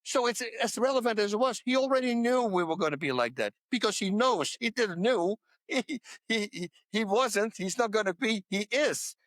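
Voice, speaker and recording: Guy on a podcast, kinda high voice, repeats himself to drive it home, dry close mic. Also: normal speed, few pauses, fairly bright tone, no room sound. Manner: emphatic, repeats points to hammer them home. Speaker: podcast guest. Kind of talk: casual interview talk about faith.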